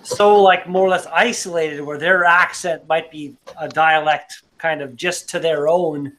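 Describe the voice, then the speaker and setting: A man with a fairly high, bright voice chats casually. He rambles, leaning on fillers as he works through his thoughts on an online video call. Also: fairly even intonation, a little slow, slight background noise. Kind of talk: casual chat.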